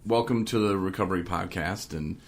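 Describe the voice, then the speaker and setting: A man's voice: low-pitched, a little fast. A man hosting a casual podcast, rambling and joking, often laughing. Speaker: podcast host.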